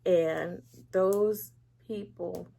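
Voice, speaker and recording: A woman's voice: on the low side, steady tone, drawn-out words, creaky, dark tone. A woman speaking as an interview guest, giving a candid faith testimony, acting out what others said and laughing lightly between serious words. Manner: candid and emotional, acts out quoted speech. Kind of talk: personal faith testimony in conversation.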